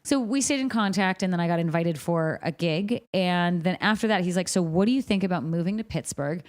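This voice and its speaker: A woman in her thirties with a somewhat low voice chats as a podcast guest. She tells her stories with energy and slips into other people's voices whenever she quotes them. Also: brisk. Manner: animated storyteller, acts out quoted voices. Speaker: podcast guest, professional dancer. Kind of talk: casual storytelling in conversation. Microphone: podcast microphone, also streamed live on video.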